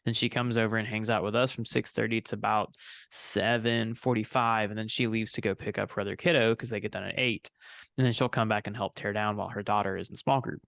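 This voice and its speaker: A man's voice: on the low side, fairly even intonation, quick pace, vocal fry, fairly bright tone, no echo. A young adult man co-hosting a casual podcast, telling a rambling story and often correcting himself. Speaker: podcast co-host and student minister.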